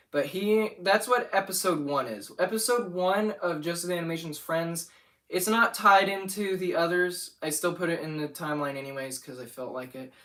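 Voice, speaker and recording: A man's voice: on the high side, a bit bright, recorded from a distance. A young man rambling casually about his animation channel on a livestream, often getting sidetracked. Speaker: channel owner.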